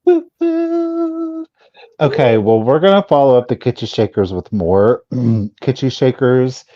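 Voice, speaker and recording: A man co-hosting a live vintage sale in a mellow, dark voice, heard through dull, lo-fi audio. He talks through each item at an easy pace, with plenty of fillers. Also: mid-range voice, normal speed, no echo. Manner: relaxed, explains items with fillers. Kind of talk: live online sales chat.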